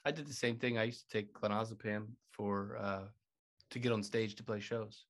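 A man's voice: lowish voice, steady tone, normal speed. A man co-hosting a podcast in casual chat, rambling and restarting sentences as he goes. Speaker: podcast co-host.

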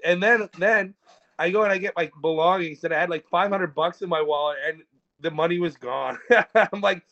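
A man's voice: high voice, normal speed, bright, forceful tone, lo-fi sound. A man telling rambling, profane stories in a casual podcast chat. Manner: rambling and profane, with frequent restarts. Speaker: podcast co-host.

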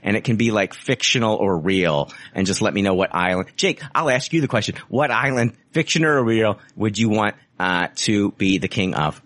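A man's voice: lowish voice, expressive, moderate pace, few pauses, a bit bright, no echo. A man hosting a casual podcast chat, loose and profane, joking around. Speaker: podcast host.

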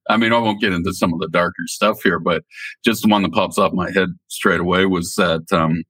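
A newspaper editor chatting on a podcast, rambling and laughing often. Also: male voice, low-pitched, fairly bright tone, breathy edge, dry recording. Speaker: newspaper editor, regular guest. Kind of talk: casual podcast chat.

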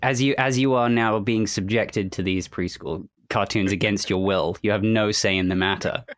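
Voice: low voice, fairly even intonation, normal speed, dry recording, studio quality. A podcast host who is also a voice actor, chatting casually with a guest, rambling with emphatic asides.

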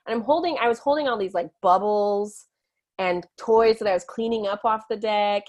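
A woman's voice: medium pitch, normal speed, a little mellow. A woman in her thirties, a guest telling stories with animation, laughing and acting out quotes. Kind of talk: storytelling in conversation.

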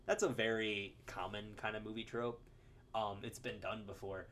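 A man's voice: lowish voice, fairly even intonation, normal speed, a bit bright, a little hiss or hum. A man co-hosting a podcast, chatting casually about a film in an opinionated, rambling way, with many restarts and laughs at his own jokes. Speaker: podcast co-host.

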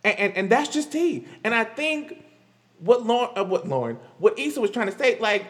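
Vlogger, male, high voice, rambling laugh-filled celebrity commentary, echoing room. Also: sing-song, normal speed. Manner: rambling, laughing often, stammering restarts. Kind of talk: casual pop-culture commentary.

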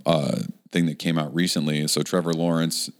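A man's voice: extremely low pitch, flat delivery, brisk. A man casually chatting about football and explaining the upcoming draft. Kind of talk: casual sports chat.

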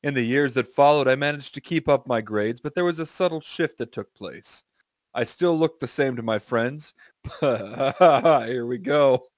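A man's voice: medium pitch, a little slow, dry recording. A man hosting a comedy podcast, reading a story aloud with stiff delivery, tripping over words and swearing casually.

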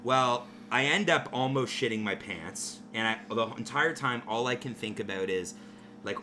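A man, hosting a podcast and telling a profane, animated story in casual talk. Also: mid-range voice, normal speed, background noise. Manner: profane, animated anecdote teller. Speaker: podcast host.

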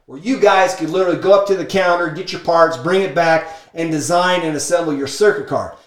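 A man telling a business story in an energetic, emphatic monologue, peppering his talk with "like" and "okay?". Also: a little high, brisk. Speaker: speaker sharing business lessons from a book. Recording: echoey room.

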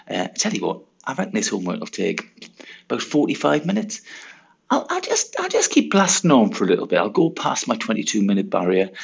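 A man's voice: fairly low pitch, wildly swooping pitch, brisk, gravelly, husky, highs cut off, voice pushed up, full character voice. A man voicing a diligent schoolboy who talks himself through his homework in matter-of-fact self-talk. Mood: self-coaching.

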